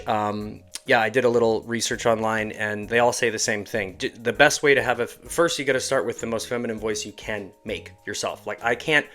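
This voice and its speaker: A man's voice: on the low side, a bit bright. Casual man walking through a tutorial. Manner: casual, rambling, self-deprecating. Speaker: animator and creator. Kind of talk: tutorial walkthrough.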